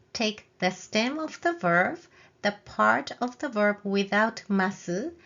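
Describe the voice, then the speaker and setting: The sound is lo-fi as a woman with a mid-range voice teaches a slow, clear language lesson on video. She walks through grammar step by step and voices sample phrases in a rising, questioning tone so learners can repeat them.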